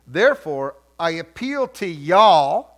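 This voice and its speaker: A preacher doing a slow Southern drawl. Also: male voice, on the high side, very animated, a bit bright, voice pushed down, exaggerated voice. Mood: emphatic. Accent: Southern US (put on). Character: apostle read in a drawling Southern voice.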